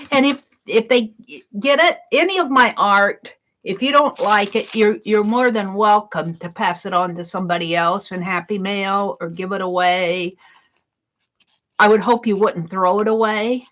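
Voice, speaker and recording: A woman's voice: medium pitch, a bit bright. An older woman chatting casually while she crafts, rambling and giggling and talking to herself. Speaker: craft vlogger.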